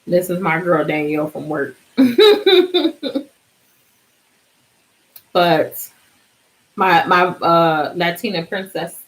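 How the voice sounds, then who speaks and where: A woman's voice: lowish voice, sing-song, very slow, pauses often, low-quality recording. A woman hosting a casual live stream, chatty and bubbly, sleepy and singing out little cheers.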